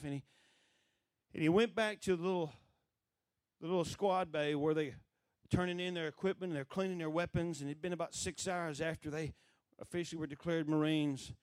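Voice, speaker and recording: A middle-aged man preaching, telling a story with lively acted-out voices. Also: on the high side, no echo. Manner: animated storyteller who acts out quoted voices. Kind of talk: sermon storytelling.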